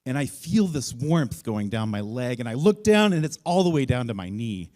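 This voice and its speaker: A man telling a funny personal story on stage at a live event, self-mocking and acting out the voices in it. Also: moderate pace. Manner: animated, self-mocking, acts out voices with big jumps in pitch.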